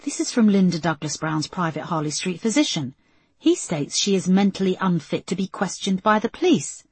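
Woman as a brisk commanding policewoman. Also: fairly low pitch, sing-song, breathy edge, no echo, pitched above the performer's own voice, exaggerated voice. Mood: urgent. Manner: urgent, commanding.

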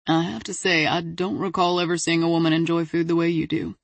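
A woman's voice: on the low side, little pitch movement, a little fast, no room sound. A woman voicing a flirtatious, teasing adult man in an audiobook, easygoing and playful. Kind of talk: audiobook character voice.

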